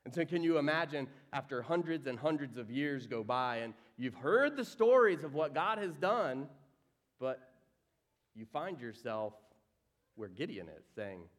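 Animated male preacher with a lively voice. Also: unhurried. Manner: animated, acts out quoted voices with big swings in pitch and volume. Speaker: pastor. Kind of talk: sermon.

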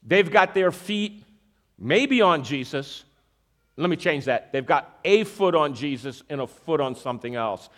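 Speaking a little slowly in a voice on the high side, a man delivers a sermon that uses a magic trick as an object lesson. He often checks in with listeners by asking them questions and repeats verses for emphasis in an animated manner.

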